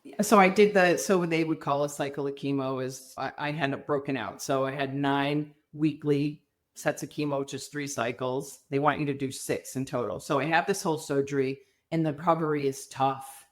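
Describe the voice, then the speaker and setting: Speaking at a moderate pace in a somewhat low voice, a middle-aged woman guest on a podcast recounts her own story openly. She drops into quoted conversations and performs them with lively voices.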